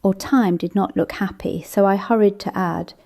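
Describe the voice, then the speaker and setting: A woman narrating a cozy mystery audiobook, giving the characters small lifts in pitch. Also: fairly even intonation, normal speed, vocal fry, warm tone. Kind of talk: scripted narration.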